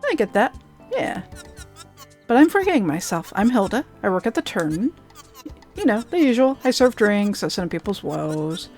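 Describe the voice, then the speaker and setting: A woman's voice: medium pitch, sing-song, moderate pace, darkish tone, faint music behind. A woman reading the lines of a friendly, knowing small-town woman bartender in her own plain voice, easygoing and welcoming.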